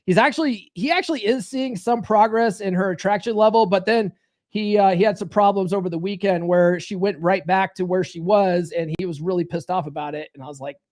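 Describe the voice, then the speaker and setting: A man's voice: high-pitched, a little fast, a little mellow. Man, podcast host, dating coach, blunt, profane, repetitive, advice monologue. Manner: blunt, swears freely, repeats key phrases.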